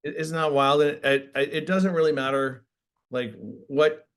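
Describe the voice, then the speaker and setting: A fairly high-voiced man hosts a relaxed interview and reacts eagerly to his guests. His questions come out in bursts, full of restarts and fillers. His tone stays chatty and animated. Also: unhurried, smooth. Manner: enthusiastic, many restarts. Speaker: interviewer host. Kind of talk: casual interview.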